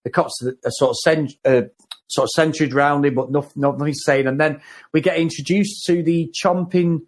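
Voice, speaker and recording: Male co-host, higher register, excitable rambling review chat. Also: normal speed. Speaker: podcast co-host. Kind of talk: casual film review chat.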